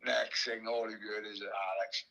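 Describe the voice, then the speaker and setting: A man's voice: on the low side, flat delivery, a little slow, creaky, bright, forceful tone, rough recording. A man with a Welsh accent, a podcast guest telling a rambling anecdote, laughing often and restarting his sentences. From Wales. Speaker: podcast guest, former boxer. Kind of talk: casual storytelling.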